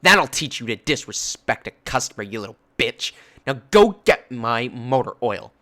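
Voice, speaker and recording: A man voicing a furious, entitled middle-aged woman shopper who shouts insults. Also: medium pitch, big pitch swings, moderate pace. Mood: shrill fury.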